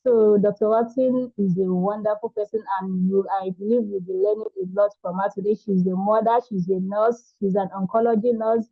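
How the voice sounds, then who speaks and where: A woman's voice: medium pitch, fairly even intonation, moderate pace, hardly any pauses, no echo. A woman hosting a webinar, giving an admiring formal introduction to a guest speaker over a video call. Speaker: webinar host. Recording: tinny phone-like audio, dry.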